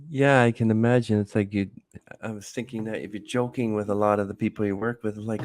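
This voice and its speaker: A man's voice: lowish voice, steady tone, fairly quick, a little mellow. A man hosting a podcast interview, asking rambling questions and joking around. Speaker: podcast host. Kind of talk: interview chat.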